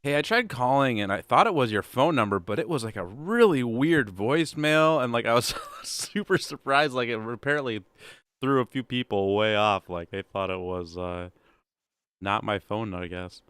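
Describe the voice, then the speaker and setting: A man's voice: mid-range voice, lively intonation, normal speed, fairly bright tone, smooth, dry recording. A man in a casual online chat telling an anecdote, rambling with many fillers.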